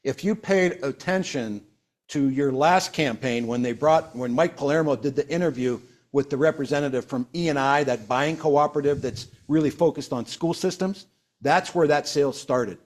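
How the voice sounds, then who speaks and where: Older male host, higher register, lively storyteller energy, casual company broadcast. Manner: animated storyteller, quick bursts. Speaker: sales leader hosting a company broadcast. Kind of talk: casual company sales chat.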